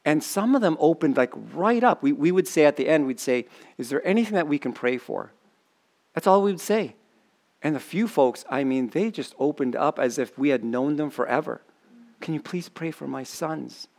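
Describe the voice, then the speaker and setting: A man's voice: on the high side, animated, normal speed, darkish tone. A man preaching a sermon in a conversational way, often asking the congregation questions. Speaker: pastor.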